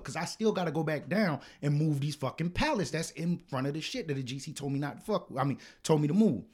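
A man co-hosting a podcast, telling a work story in casual, profane chat that turns loud and heated. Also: fairly high pitch, a little fast, hardly any pauses, slightly rough. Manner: animated, profane, gets loud and heated retelling arguments. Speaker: podcast co-host.

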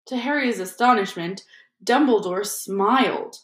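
A woman reading a storybook aloud in a steady, even storytelling manner. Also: medium pitch, moderate pace, roomy sound. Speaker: audiobook reader. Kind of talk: scripted narration.

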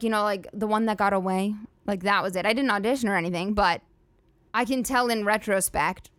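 A woman's voice: medium pitch, fairly bright tone, no echo. A young woman hosting a solo comedy podcast, ranting in a chatty, sarcastic, profane way full of "like" fillers. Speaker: podcast host.

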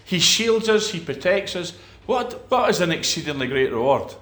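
A man's voice: sits high, big pitch swings, moderate pace, a bit bright, reverberant. A man preaching a sermon, emphatic, with repeated phrases and restarts.

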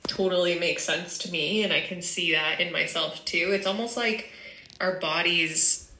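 A woman's voice: fairly low pitch, steady tone, measured pace, bright, forceful tone, echoey room, low-quality recording. A woman co-hosting a podcast in casual chat, affirming and reflective, checking in with "right?". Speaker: podcast co-host.

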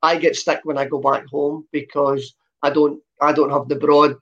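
Scottish man with a softened Glasgow accent. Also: a little high, level tone, moderate pace. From Scotland. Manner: lots of uh fillers, chatty storytelling. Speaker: guest, former footballer. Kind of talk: relaxed interview chat. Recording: dull lo-fi sound.

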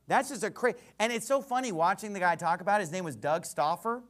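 A man preaching a sermon in an animated, mocking, emphatic way. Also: sits high, fast talker.

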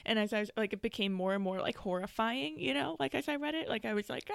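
A woman co-hosting a podcast, telling stories in a lively, casual way, often laughing between phrases. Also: medium pitch, fast talker, vocal fry, smooth, no echo, studio quality. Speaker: podcast co-host. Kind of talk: casual faith chat.

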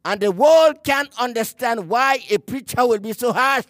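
A man preaching a sermon. He reads scripture aloud and preaches emphatically, slowing down to stress key words and sometimes repeating a word as he searches for the next one. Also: extremely high pitch, no room sound, studio quality.

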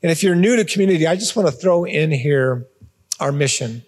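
A man's voice: on the high side, animated, a little fast, darkish tone, in a large hall. A man giving a conversational sermon as a pastor, repeating words and adding informal asides. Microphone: phone or portable device.

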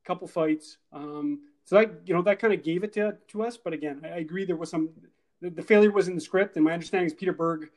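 Fast-talking high-voiced man. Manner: animated, talks in quick bursts with many fillers and asides. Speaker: podcast co-host. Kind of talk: casual movie review chat.

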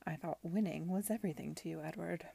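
A proud, restless young lady read by a woman who answers in sharp little retorts. The tone is husky and gravelly underneath, recorded close and dry. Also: fairly low pitch, fast talker, no echo, exaggerated voice.

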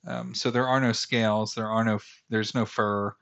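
A man's voice: lowish voice, flat delivery, normal speed, gravelly, fairly bright tone, muffled recording. A man in his thirties hosting a fantasy podcast, talking casually in a rambling, self-deprecating way, full of fillers and restarts. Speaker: podcast host. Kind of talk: casual solo podcast commentary.

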